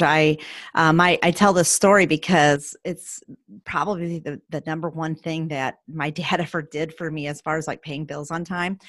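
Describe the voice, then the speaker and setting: A woman's voice: low-pitched, dry recording. A woman in her forties hosts a casual podcast conversation. She tells stories with energy and acts out the quotes. The recording is dry and close. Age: 40s. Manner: animated storyteller, acts out quotes with laughs. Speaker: podcast host. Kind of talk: casual storytelling in an interview.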